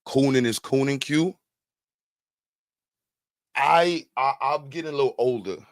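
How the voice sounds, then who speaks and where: A man hosting a talk podcast, reacting to a clip in loose, profane commentary. His voice sits at an ordinary middle pitch and sounds dry and close, with bursts of loud animation between calmer stretches. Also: measured pace, no room sound. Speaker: podcast host.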